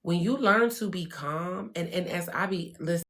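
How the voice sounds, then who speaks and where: A woman giving a candid motivational talk as host of her own show, blunt and profane, swinging between hushed calm and loud emphatic bursts. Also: on the low side, normal speed. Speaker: spiritual wellness host.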